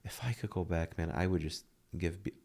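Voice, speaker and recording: A man's voice: low voice, fairly even intonation, a little fast, darkish tone. A man in his thirties, a guest speaking earnestly and emotionally about his struggles, often dropping to a near whisper. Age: 30s. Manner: earnest, heartfelt, drops to a near whisper at tender moments. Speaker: podcast guest. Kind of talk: emotional interview talk.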